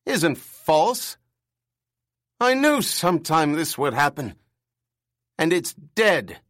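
A man reading aloud and voicing an irritable older male repair-shop boss with a shrill, screechy voice. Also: very animated, slow pace, fairly bright tone, no echo, clean studio sound, full character voice. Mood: agitated. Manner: curt, demanding.

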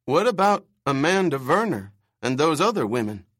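A man's voice: on the high side, big pitch swings, moderate pace, a bit bright, no echo, studio quality, voice pushed up. A man reading aloud and voicing a timid, earnest young man who stammers.

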